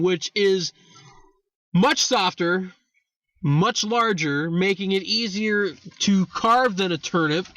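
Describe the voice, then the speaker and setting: A man's voice: high-pitched, a bit bright, no room sound, lo-fi sound. A young man hosting a casual history talk, rambling, correcting himself and swearing for emphasis. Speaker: host.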